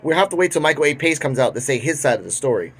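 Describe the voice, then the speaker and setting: A man's voice: mid-range voice, expressive, racing, husky. Young guy hosting his own channel, chatty news recap, stumbles and restarts a lot. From Puerto Rico. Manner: chatty retelling with frequent restarts. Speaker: commentary channel host. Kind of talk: casual news commentary.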